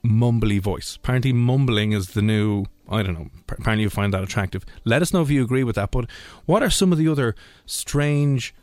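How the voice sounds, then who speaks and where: A man's voice: mid-range voice, a little fast, few pauses, no echo, soft background music. Male radio host, chatty, rambles, dry studio mic. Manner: rambling, jokey, lively. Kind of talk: casual radio chat.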